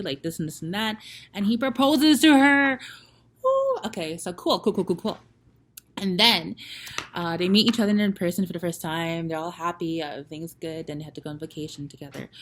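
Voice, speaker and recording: A young woman vlogger in casual storytelling, chatty with many fillers, acting out the people she quotes. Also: low voice. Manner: chatty, lots of fillers, retells scenes in quoted voices.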